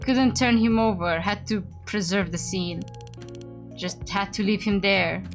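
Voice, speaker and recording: A woman's voice: mid-range voice, steady tone, unhurried, soft background music, lightly acted. A woman voicing a drunk, short-tempered female homicide detective who talks bluntly and swears. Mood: bitter.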